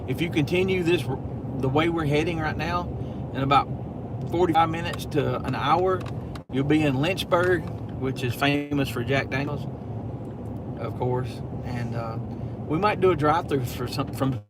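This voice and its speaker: A man's voice: on the high side, normal speed. A man, hosting a casual live stream from inside a car at night and chatting to viewers in a rambling, storytelling way. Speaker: channel host. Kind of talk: casual live-stream chat while driving. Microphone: phone. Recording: car noise throughout.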